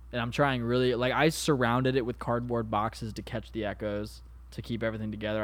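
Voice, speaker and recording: Rambling jokey man on a podcast. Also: fairly low pitch. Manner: rambling, jokey, swears casually. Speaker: podcast co-host. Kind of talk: casual comedy podcast chat. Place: home apartment. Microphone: podcast microphone.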